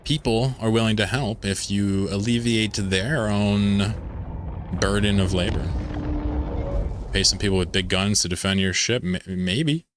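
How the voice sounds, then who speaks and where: A man's voice: fairly low pitch, measured pace, background noise. A man from the American South chatting casually with viewers while streaming a game, rambling, offhand and profane. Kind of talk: casual live-stream chat over gameplay.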